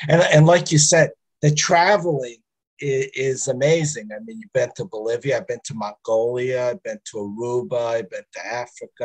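A man's voice: medium pitch, a little mellow. Hesitant man chatting on a call. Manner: hesitant, halting, many fillers. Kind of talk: conversation on a video call.

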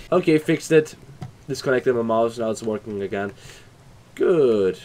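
A young man hosting a horror game playthrough, talking loud, swearing and bursting into screams. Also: medium pitch, expressive, measured pace, long pauses. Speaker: gaming channel host.

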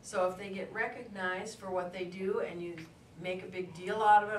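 Speaking at a normal speed with hardly any pauses, this woman has a mid-range voice and tells stories while lecturing adults in a conversational way. She's in a lecture room, heard from afar in an echoey space with faint ambience and a little background noise.

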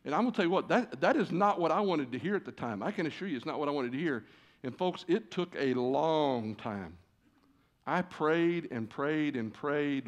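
A man preaching as a guest in a church, telling a personal story with lively, acted-out dialogue. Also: on the high side, moderate pace. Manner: animated, acts out quoted conversations. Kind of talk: storytelling sermon. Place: church sanctuary.

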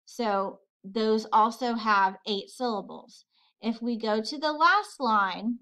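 A woman teacher explaining a poetry lesson slowly and patiently, step by step, to students. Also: fairly high pitch, pushed and bright, low-quality recording.

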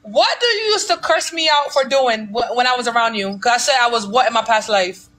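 Bright high-voiced young woman arguing playfully. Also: lively intonation, a little fast, rough recording. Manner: defensive, playful, emphatic. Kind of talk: casual banter.

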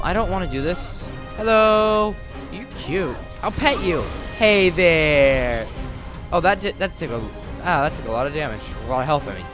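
Animated man joking through a game. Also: fairly high pitch. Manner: excitable, joking, talks back to game characters. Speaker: gaming channel host. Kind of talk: let's play commentary.

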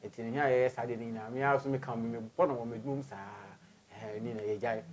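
An animated Ghanaian man hosting an interview. He addresses his guest and the audience directly, mixing in English phrases. His pitch sits in a plain middle range for a man. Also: rapid-fire. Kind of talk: interview host.

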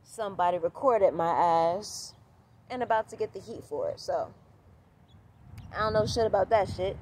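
A woman talks straight to her phone camera outdoors at sunset in a loose vlog monologue, animated and repetitive, swearing freely. Her pitch sits in the middle range, and faint outdoor noise hums behind her. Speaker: vlogger.

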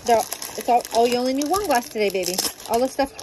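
A mother with the hiccups, gently talking her small child through a craft at home. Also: on the high side, animated, fast talker, background noise. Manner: gentle, coaxing, speaks simply to a small child. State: has the hiccups.

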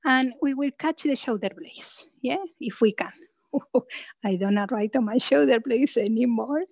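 Woman yoga instructor, unhurried, higher voice, soft breathy exhales, dry close sound. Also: no room sound, muffled recording. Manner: gentle, soothing cues with frequent "yeah?" checks; breathy sighs and soft whispered cues on exhales. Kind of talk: guided chair yoga class.

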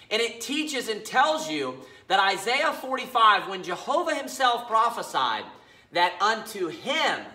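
A man preaching a sermon as pastor, emphatic, slowing down to read scripture aloud. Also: sits high, bright, forceful tone, reverberant, poor audio. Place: church sanctuary.

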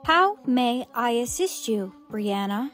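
A woman's voice: fairly high pitch, lively intonation, takes it slowly, fairly bright tone, soft background music, pitched below the performer's own voice. A woman voicing a persistent AI assistant robot with stiff, overly polite speech.

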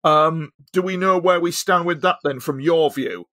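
Male host, courteous and hesitant, a bit high-voiced, asks long winding questions. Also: moderate pace, sharp tone, no room sound, studio quality. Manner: polite, hesitant, apologetic interruptions. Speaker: podcast host. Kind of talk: interview questions.

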